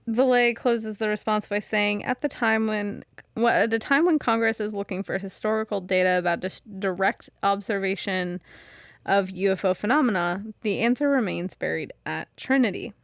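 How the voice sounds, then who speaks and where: A woman's voice: medium pitch, normal speed, no room sound, clean studio sound. A woman co-hosting a podcast, reading through research notes in a casual way with frequent fillers and restarts, and laughing easily. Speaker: podcast co-host. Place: podcast studio.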